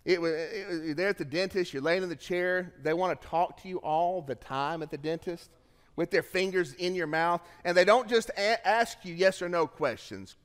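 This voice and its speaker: A man's voice: high-pitched, moderate pace, clear, resonant tone. Emphatic male preacher in a reverberant hall. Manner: emphatic, repeats phrases, swings from hushed to raised. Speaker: pastor. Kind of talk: sermon.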